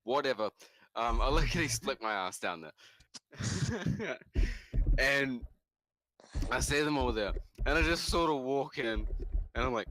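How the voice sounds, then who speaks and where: A young man from New Zealand, co-hosting a podcast, telling a story in casual, animated chat. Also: a little hiss or hum. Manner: animated, jumps into high shouts for quoted lines. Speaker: podcast co-host.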